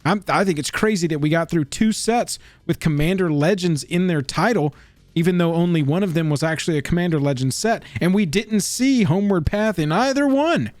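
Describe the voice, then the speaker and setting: A man co-hosting a casual chat about card prices, animated and joking in his asides. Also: high voice, fairly quick, dry recording. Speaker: co-host.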